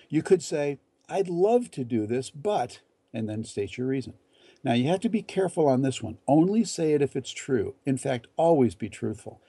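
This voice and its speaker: Gravelly-voiced man giving measured advice. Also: medium pitch, dark tone, no room sound. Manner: measured, deliberate delivery with quoted example lines. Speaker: etiquette instructor. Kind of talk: numbered advice talk to camera.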